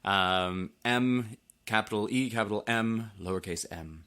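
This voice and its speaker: Man, very low voice, offhand podcast co-host, swears casually. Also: a little slow, sharp tone, smooth. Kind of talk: casual chat.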